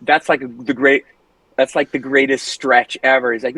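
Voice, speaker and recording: A man's voice: mid-range voice, little pitch movement, moderate pace, sharp tone, slight background noise, poor audio. A man speaking as the guest in a casual interview, telling stories, swearing freely and laughing often. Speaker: guest singer.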